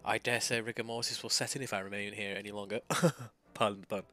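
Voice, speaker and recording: A man reading a stately old gentleman. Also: lowish voice, level tone, quick pace. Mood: formal.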